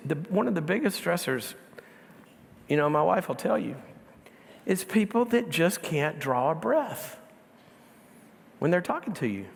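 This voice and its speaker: A middle-aged man delivers a conversational sermon with a gravelly, somewhat high voice. He laughs lightly at his own jokes as he talks. His voice rings with the long reverb of a large church auditorium. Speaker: guest speaker.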